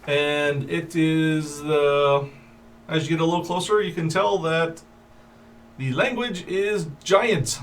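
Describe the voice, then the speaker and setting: Male game master, slightly high voice, relaxed halting narration, distant mic with faint hiss. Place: room at a gaming table. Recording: roomy audio from far off with faint hiss.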